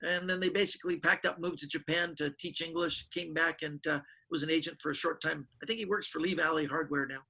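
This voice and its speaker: A middle-aged man, a touch husky, spins stories in a high and bright voice. He slips into the voices of people he quotes. The talk is loose and casual, like an interview. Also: quick pace, hardly any pauses, poor audio. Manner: animated storyteller acting out quoted voices. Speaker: guest magician.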